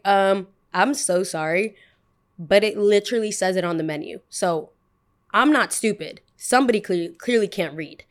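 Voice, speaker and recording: Young woman host, casual storyteller, animated, voices the people in her story. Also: mid-range voice. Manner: animated, acts out both sides of a dialogue. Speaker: podcast host.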